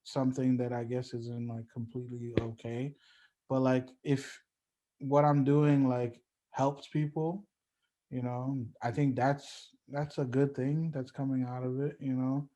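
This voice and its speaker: A man's voice: mid-range voice, flat delivery, measured pace, dark tone. Laid-back man chatting loosely. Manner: laid-back, heavy on "like" and "you know". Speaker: guest musician. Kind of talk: casual podcast chat.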